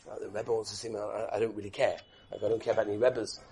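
A man's voice: lowish voice, flat delivery, rapid-fire, mellow, breathy edge, pitched below the performer's own voice. A man voicing a defiant young rebellious son who brushes off his elders. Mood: dismissive.

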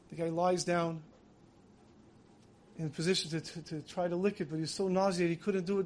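A man's voice: high-pitched, fairly even intonation, brisk. A man giving a dramatic sermon, telling stories vividly and acting out the voices he quotes.

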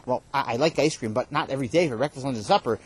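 A man voicing a chatty schoolboy who rambles quickly and excitedly. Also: mid-range voice, breathy edge, lightly acted. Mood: rambling excited. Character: chatty, clever boy student.

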